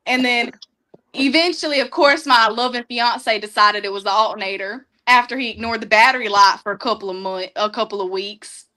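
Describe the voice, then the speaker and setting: A young woman sits in a studio and tells everyday stories with lots of laughter. Her voice is high and bright. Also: normal speed. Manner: laughing, animated storyteller. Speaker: studio guest. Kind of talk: casual storytelling.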